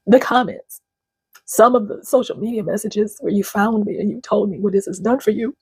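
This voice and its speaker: This channel host, a woman in her fifties, gives her viewers an earnest, emotional motivational talk straight to camera, at times close to tears. Her voice sits on the high side and sounds husky, moving at a moderate pace with no echo.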